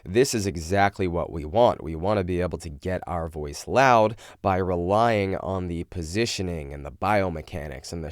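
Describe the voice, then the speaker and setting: A man's voice: deep voice, no echo, studio quality. A young man teaching vocal technique, explaining and demonstrating exercises in an instructional video. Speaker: vocal coach.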